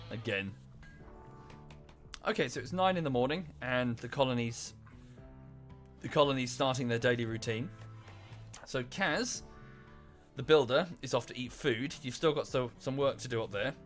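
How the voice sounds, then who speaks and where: A man's voice: mid-range voice, normal speed, pauses often, faint music behind. A man streaming a colony-building game, chatting casually and correcting himself as he talks to viewers and the characters on screen. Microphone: desk microphone.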